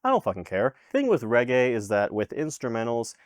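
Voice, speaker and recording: A man talks through a music review with exasperated sarcasm, swearing freely. His voice jumps up and down in pitch as he complains. The sound is dry and close, with no room around it. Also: huge pitch swings, brisk, no echo. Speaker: music reaction host. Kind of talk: casual album reaction commentary.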